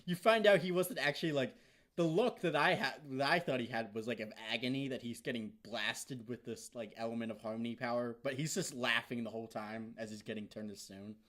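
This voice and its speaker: A young man rambles through an episode recap with a lot of fillers and restarts. He swears casually, and his enthusiasm keeps breaking into loud, high-pitched outbursts before he settles back into a medium-pitched, chatty tone. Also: a little fast. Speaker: vlogger.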